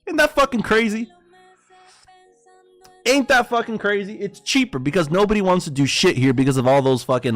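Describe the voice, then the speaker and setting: A forex trader on his livestream launches into a casual political rant, heated and profane, referring to viewers as boys. He speaks high with lively intonation at a moderate pace, over faint music.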